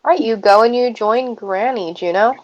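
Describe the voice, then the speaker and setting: A woman running a tabletop game as game master, narrating hesitantly with many pauses. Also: a little high, lo-fi sound. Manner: hesitant, lots of uhs.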